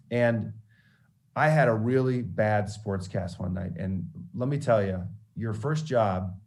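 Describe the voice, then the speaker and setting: A man in his forties, a TV sports reporter, telling career stories to students in an animated, anecdotal way with frequent restarts. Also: lowish voice. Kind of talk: storytelling motivational talk.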